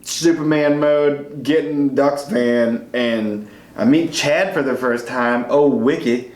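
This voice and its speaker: A man's voice: mid-range voice, slow, a little mellow, roomy sound, rough recording. A young man rambling through a tipsy love story to the camera, laughing and acting out quotes. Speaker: groom telling his love story.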